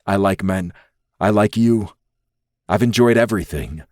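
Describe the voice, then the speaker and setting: A man voicing an earnest male lover, a secret federal agent, pleading in a soft, low, urgent way. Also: measured pace, no echo, studio quality, lightly acted.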